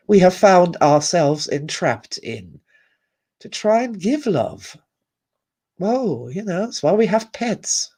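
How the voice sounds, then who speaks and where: Slow and lowish, her husky voice carries a thoughtful live-stream monologue as the host. She reads out comments from viewers with earnest reflection, letting soft laughter fall between her ideas.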